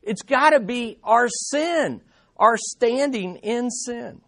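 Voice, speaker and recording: Male pastor, sermon delivery, high voice, very animated pitch, emphatic with repeated key lines. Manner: slows down on key statements.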